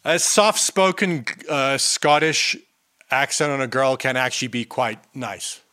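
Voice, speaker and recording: A man co-hosting a podcast, talking with loose enthusiasm and plenty of swearing. His voice is bright and forward, and the recording is dry and close. The tone is casual chat among friends. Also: medium pitch, animated, unhurried, smooth, no room sound. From South Africa. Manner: enthusiastic, swears freely, many fillers. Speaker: podcast co-host.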